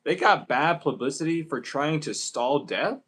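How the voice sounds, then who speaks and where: A man with a fairly high voice giving a loose, casual tarot reading straight to his viewers. He rants freely and swears often as he talks. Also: expressive, a little slow, fairly bright tone, rough recording. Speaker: tarot reader.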